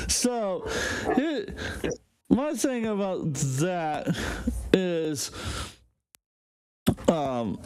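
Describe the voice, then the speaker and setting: A man with a high voice hosts a relaxed commentary chat. He talks slowly, stopping and restarting his sentences with plenty of fillers. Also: clean tone. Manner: halting, with many fillers and restarts. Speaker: host.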